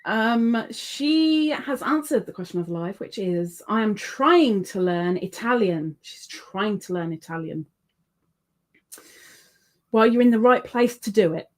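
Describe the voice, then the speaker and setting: A woman hosting a casual livestream, reading comments aloud and chatting in between. Her voice sits on the higher side and her talk is slow and unhurried. She laughs often as she goes. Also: lively intonation, a little mellow. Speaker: livestream host.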